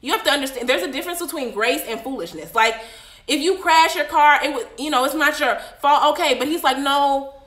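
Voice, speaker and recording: A woman teaching a casual Bible study on a livestream, preaching in a chatty, animated way with frequent asides. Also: high-pitched, fast talker, echoey room.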